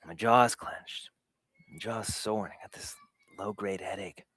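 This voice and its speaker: Guy hosting a live stream, low voice, dry close sound, just telling his own story straight, laughs a lot. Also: normal speed, a bit bright, no echo. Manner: candid, self-deprecating, laughs often; recounts sensations in vivid detail. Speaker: host of a live show for dads. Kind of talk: personal storytelling to a live audience. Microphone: camera setup in a home recording space.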